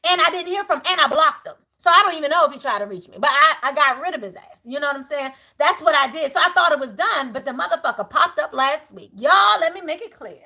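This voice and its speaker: A middle-aged woman reads tarot live for her viewers, her voice high and bright. She preaches with animated swings, from loud outbursts down to hushed prayer, and talks casually and bluntly. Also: fast, hardly any pauses. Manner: casual, outspoken, swears freely. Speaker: tarot reader.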